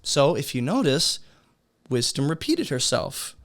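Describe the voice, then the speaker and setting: A man teaching a beginner's Bible study lesson in a relaxed, conversational way, asking his listeners rhetorical questions. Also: a little high, unhurried.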